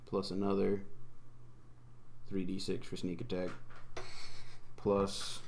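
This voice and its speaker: A man playing a tabletop game, relaxed and casual, counting his dice rolls aloud. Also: sits low, slow, creaky, slight background noise.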